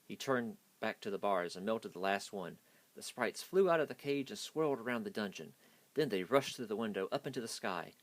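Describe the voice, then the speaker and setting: A man's voice: on the low side, lively intonation, fairly quick, no echo. A man hastily reading a children's picture book aloud. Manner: hasty reading. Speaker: storyteller.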